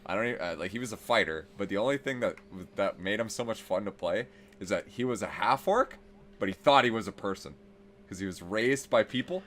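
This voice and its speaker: A man's voice: fairly low pitch, animated, a little fast, fairly bright tone, slight background noise. Laid-back young man, podcast host. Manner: laid-back, swears casually. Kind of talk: casual gaming podcast chat.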